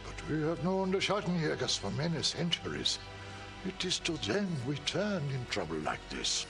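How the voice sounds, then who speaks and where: A gravelly old villager, swoopy pitch, game music behind. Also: male voice, sing-song, moderate pace. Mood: earnest. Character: stern old Bavarian villager seeking help.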